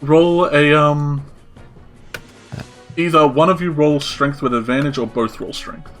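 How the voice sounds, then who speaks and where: A man running a tabletop game as dungeon master, laughing often and pausing on fillers as he narrates. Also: on the high side, fairly bright tone, faint music behind.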